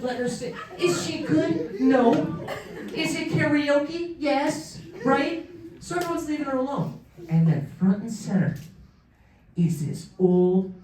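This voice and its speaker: Stand-up comic, male, lively storyteller, roomy distant live sound. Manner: animated, acts out characters with pitch jumps. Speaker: stand-up comedian. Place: comedy show in a museum hall. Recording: roomy live venue, mic heard from afar.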